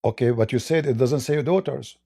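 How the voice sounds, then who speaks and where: A man's voice: medium pitch, a little fast, creaky, warm tone, dry recording, clean studio sound. A man hosting a heated religious debate, challenging and mocking his opponent. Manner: challenging, mocking, talks over the other. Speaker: debate host.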